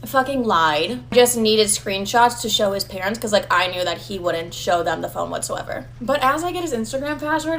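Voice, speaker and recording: A woman's voice: fairly high pitch, a little fast, hardly any pauses, fairly bright tone, a little hiss or hum. A young woman telling a casual, chatty story full of swearing and "like".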